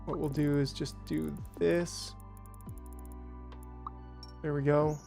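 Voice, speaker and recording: A man talks through a factory-building game in a loose, chatty way, answering viewers and wandering into asides. His voice sits a little high for a man, and he sometimes jumps into playful, exaggerated greetings. Faint music runs underneath. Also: animated, measured pace, mellow. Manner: chatty, reads out and answers chat, rambling asides. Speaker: gaming streamer. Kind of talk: casual gameplay commentary.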